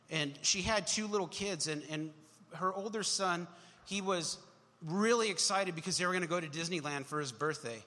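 A man with a high, bright voice preaching to his church in a loose, conversational way, cracking jokes and slipping into quick character voices. His words ring out with a long hall reverb behind them. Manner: conversational and joking, acts out little voices. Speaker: pastor. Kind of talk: sermon. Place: church sanctuary.

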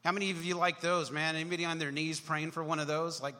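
High-voiced joking pastor in a reverberant hall. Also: male voice, brisk, hardly any pauses, bright, forceful tone. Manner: conversational and joking, acts out little voices. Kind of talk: sermon. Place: church sanctuary.

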